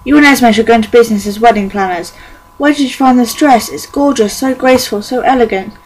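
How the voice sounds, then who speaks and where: A woman's voice: a little high, quick pace, slight background noise, lightly acted, low-quality recording. A young woman doing a gushing, squealing mother. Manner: squealing, effusive. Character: gushing excited middle-aged mother. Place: home bedroom.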